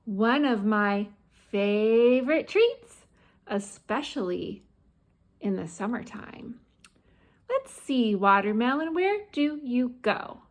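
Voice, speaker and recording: A woman teaching small children letter sounds in a slow, sing-song voice. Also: sits high, lively intonation. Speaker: preschool teacher. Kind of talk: children's phonics lesson.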